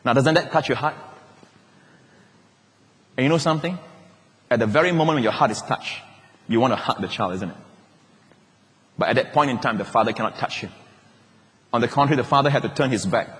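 A male pastor delivering a sermon, swinging from emphatic peaks down to hushed, quiet drops. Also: medium pitch, fairly quick, long pauses. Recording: hall reverb.

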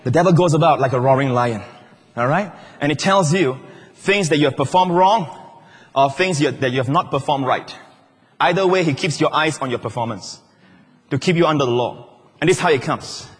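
A male pastor preaching a sermon in a large church hall, emphatic and shouting at the high points, with wide swings in pitch. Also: fairly quick, slightly rough. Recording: long church-hall reverb.

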